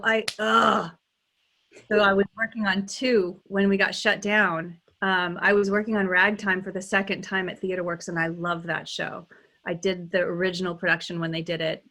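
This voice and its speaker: A woman's voice: fairly low pitch, a bit bright. A middle-aged woman, a dialect coach, talking casually in an interview, thinking aloud with frequent restarts and ums.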